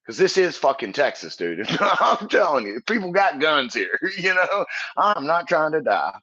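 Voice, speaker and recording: A man's voice: fairly high pitch, very animated, a little slow, pushed and bright, husky, muffled recording. A comedian guest on a podcast, a man telling stories in a casual, earnest and profane way, often laughing as he talks. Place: Texas.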